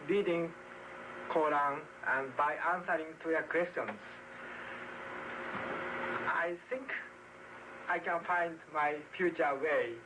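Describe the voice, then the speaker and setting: A man who works as an astronomer, answering in halting phrases as he searches for his words. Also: a little high. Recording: noisy recording.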